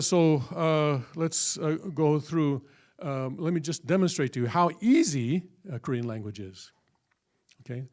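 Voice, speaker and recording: A man teaching a classroom lesson in a folksy, halting way, often checking with the room. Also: on the high side, darkish tone. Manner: folksy, full of fillers and checking "okay?". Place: church hall.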